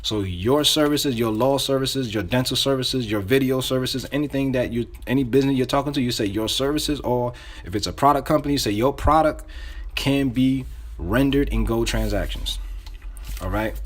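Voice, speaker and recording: Speaking at normal speed in a medium pitch, this man offers casual sales instruction. He talks loosely, restarting and repeating himself while role-playing example phone calls.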